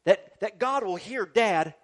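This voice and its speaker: A middle-aged male pastor preaching a sermon, swinging from quiet talk to loud shouted quotes. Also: sits high, animated, unhurried.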